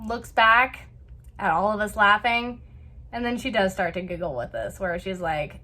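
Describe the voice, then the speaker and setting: A woman hosting a vlog, telling a family story in a chatty, animated way with lots of filler words. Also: mid-range voice, a little slow. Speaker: vlog host. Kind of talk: casual storytelling.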